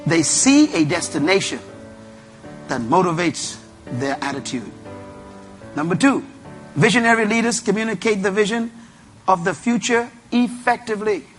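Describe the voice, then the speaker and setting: A high-pitched man delivers a motivational sermon. He is emphatic and repetitive, and he drives his points home by commanding the audience. Faint music plays underneath. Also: expressive, normal speed, long pauses, fairly bright tone. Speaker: preacher and leadership speaker.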